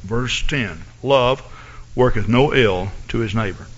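A man preaching a sermon, reading scripture in a measured way and rising to loud, shouted exhortation. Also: medium pitch, breathy edge, lo-fi sound.

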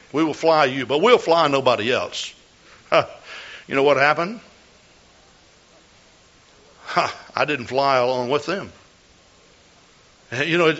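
A man's voice: a little high, sharp tone. An older man preaching a sermon as a pastor, telling a folksy story with repeated words and restarts. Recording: dull lo-fi recording.

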